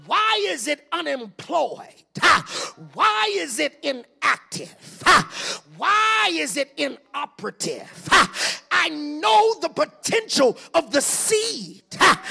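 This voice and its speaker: A man preaching a whooping sermon, chanting and shouting, with a gasped "ha" after every phrase. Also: extremely high pitch, vocal fry.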